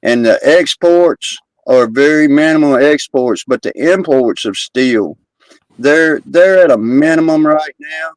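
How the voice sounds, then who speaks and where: A man's voice: a little high, measured pace, no room sound, low-quality recording. An American man in casual chat, making his point emphatically and repeating it. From United States.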